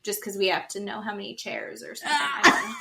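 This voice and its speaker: A woman's voice: mid-range voice, fast, creaky. A woman co-hosting a podcast, casually recapping a reality show and acting out what the cast said. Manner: animated retelling, acting out quotes. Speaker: podcast co-host.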